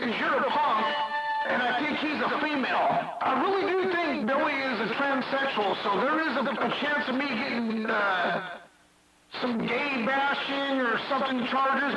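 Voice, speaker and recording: A man's voice: very high-pitched, dull audio. A man mocking and taunting another operator in CB radio banter, repeating his jabs. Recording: far-off echoey noisy CB radio.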